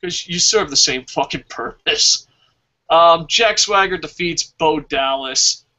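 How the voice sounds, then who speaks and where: Excitable high-voiced podcast host, sharp tone. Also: male voice, takes it slowly. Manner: excitable, profane, reads out live chat comments. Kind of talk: casual wrestling review podcast. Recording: dull lo-fi podcast audio.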